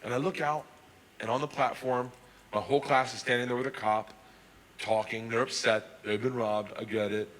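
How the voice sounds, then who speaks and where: A man telling a long stand-up story, animated, breaking into loud bursts when he quotes himself, recorded on a comedy stage. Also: mid-range voice, normal speed, big-room sound, a little hiss or hum, rough recording.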